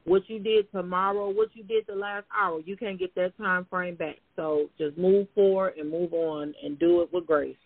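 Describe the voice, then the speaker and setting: A woman's voice: on the low side, steady tone, normal speed, hardly any pauses, slightly rough, dry recording. A woman co-hosting a casual podcast, talking straight to her listeners with slang and pet names. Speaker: podcast co-host. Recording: tinny phone-like sound.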